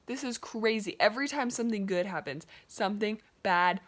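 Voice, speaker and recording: A woman's voice: medium pitch, moderate pace. A young woman casually retelling a story, chatty and peppered with "like" and "um". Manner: chatty, full of "like" and "um".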